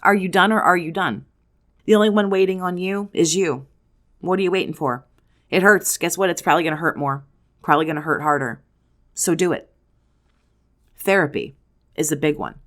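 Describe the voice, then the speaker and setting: Blunt, low-voiced woman giving advice. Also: a bit bright. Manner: blunt, profane, rapid rhetorical questions. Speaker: self-help video host. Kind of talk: direct-to-camera advice talk.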